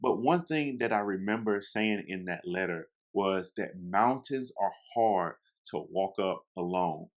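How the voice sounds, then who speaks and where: A young man with a fairly low voice tells his listeners a casual story, speaking a little slowly and pausing only rarely. He's animated and chatty, breaking into quoted lines and talking directly to his audience.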